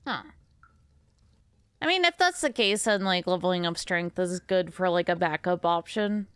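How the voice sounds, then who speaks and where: A woman's voice: lowish voice, lively intonation, normal speed, a bit bright, clean tone, dry recording. Sleepy, giggly woman streamer. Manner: rambling and giggly, talks to chat. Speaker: game streamer. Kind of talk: casual gameplay commentary.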